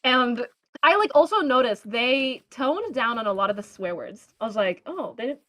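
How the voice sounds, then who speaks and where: A woman co-hosting a casual podcast chat while gaming, animated and swearing freely as she acts out her reactions. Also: on the high side, normal speed. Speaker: podcast co-host.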